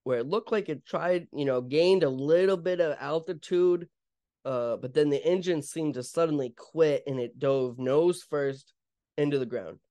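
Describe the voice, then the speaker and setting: This young man, hosting a podcast, tells the story of an event in a rambling, casual way, stumbling through fillers and restarts. His voice is a little high and warm, moderately paced, with no echo.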